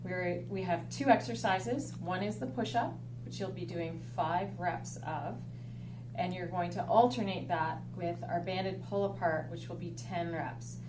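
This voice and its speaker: A woman fitness instructor giving clear step-by-step coaching cues for a home workout. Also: fairly low pitch, unhurried, distant mic. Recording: roomy echo, off-mic, faint hum.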